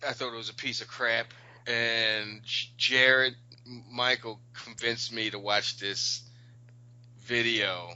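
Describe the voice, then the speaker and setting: A man's voice: mid-range voice, level tone, slow, pushed and bright, no echo, highs cut off. A man co-hosting a podcast, chatting casually and giving blunt, opinionated takes. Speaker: podcast co-host. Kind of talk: casual chat.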